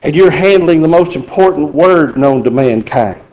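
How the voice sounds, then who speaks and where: A man's voice: on the high side, animated, normal speed, darkish tone, rough recording. A middle-aged man preaching a sermon in a folksy, joking way. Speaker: pastor.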